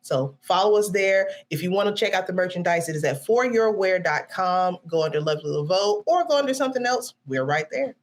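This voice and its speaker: A woman's voice: lowish voice, animated, fairly quick, hardly any pauses. A middle-aged woman guesting on a podcast, talking bluntly and playfully with lots of swearing, sounding tired. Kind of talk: casual chat.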